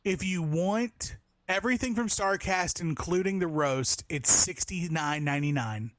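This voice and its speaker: A man's voice: sits high, a little slow, no echo. A man co-hosting a casual podcast chat, reading prices and listings aloud in an offhand way. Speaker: podcast co-host.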